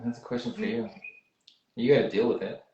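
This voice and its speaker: A man's voice: medium pitch, steady tone, brisk, mellow, roomy sound, lo-fi sound, a little hiss or hum. A man who is an actor guest on a casual livestream chat, joking and bantering playfully.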